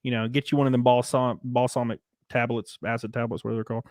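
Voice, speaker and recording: A man's voice: medium pitch, level tone, quick pace, darkish tone, no room sound, studio quality. A young man hosting a podcast, talking crudely in a casual, rambling way with many restarts. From American South. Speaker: podcast host. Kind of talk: casual chat.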